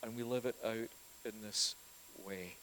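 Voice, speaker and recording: A man preaching a sermon, telling scripture stories earnestly, rising loud and dropping to near whispers. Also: lowish voice, steady tone, unhurried, slight background noise, poor audio. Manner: earnest, storytelling with dramatic shifts in volume.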